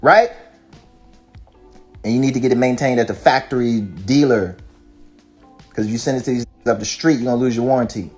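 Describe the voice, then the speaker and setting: A rapper ranting casually, profane and fired up, firing off rhetorical questions. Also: male voice, medium pitch, fairly quick, long pauses, darkish tone, soft background music. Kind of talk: casual rant.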